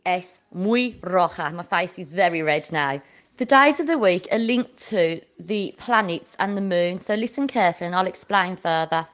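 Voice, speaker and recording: A woman leads a children's Spanish lesson at a medium pitch. She slows down and stretches out key words so young listeners can repeat after her. Her delivery stays clear and patient. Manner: slow, drawn-out modelling of words for repetition. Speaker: Spanish teacher.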